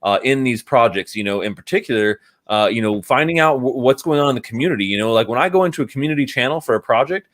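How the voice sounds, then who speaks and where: Brief: man, mid-pitch, loose rambling speech full of "you know" and "uh", blunt, casual. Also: quick pace, hardly any pauses. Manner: relaxed, rambling, many fillers and restarts. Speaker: NFT podcast guest. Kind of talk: casual chat.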